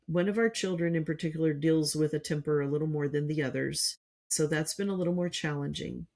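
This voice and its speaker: A woman hosting a faith-based parenting podcast, talking in a calm, earnest teaching manner and working through her points one by one. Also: deep voice, vocal fry. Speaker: podcast host.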